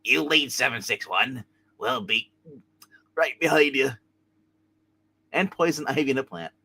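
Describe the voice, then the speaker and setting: A man hosting a live comic reading, playful and quick to laugh. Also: medium pitch, animated, sharp tone, breathy edge. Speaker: comic reader and channel host.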